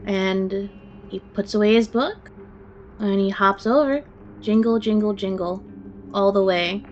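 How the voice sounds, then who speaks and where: Woman gm narrating a tabletop game, slow and casual, swears a lot. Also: medium pitch, highs cut off, slight background noise. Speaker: game master.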